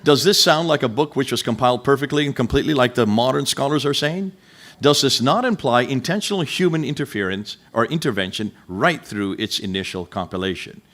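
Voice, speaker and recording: A man's voice: mid-range voice, lively intonation, fairly quick, a bit bright. Guy lecturing a room, voice swoops up and down a lot, keeps firing questions at the crowd. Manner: emphatic, full of rhetorical questions; speaks directly to listeners in the room. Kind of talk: lecture to a live audience.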